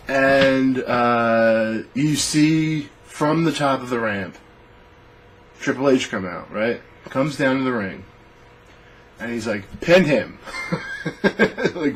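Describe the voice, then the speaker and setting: A young man ranting casually and profanely, rambling through a story with animated restarts. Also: medium pitch, slight background noise, rough recording. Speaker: podcast host. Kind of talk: casual rant on fantasy booking.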